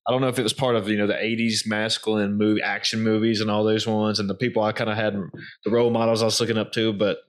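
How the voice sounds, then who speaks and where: Guy talking super fast, loose and casual, swears a bit. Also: fairly low pitch, flat delivery. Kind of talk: casual conversation.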